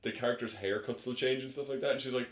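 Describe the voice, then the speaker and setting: A man in casual podcast chat, lively and often mimicking people. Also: fast. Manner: lively, mimics others in high voices. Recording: echoey room.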